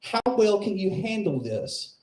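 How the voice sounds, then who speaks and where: A woman's voice: mid-range voice, big pitch swings, measured pace, a little mellow, roomy sound, voice pushed up. A male comedian voicing a crude, cackling old aunt from a bar, brash and leering.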